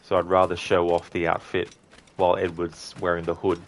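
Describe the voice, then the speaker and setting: A deep, low-pitched male livestreamer gives casual commentary on a live gameplay stream in a completely flat delivery. He chats easily with viewers, reads and thanks their messages, and often pauses on an um or corrects himself mid-sentence.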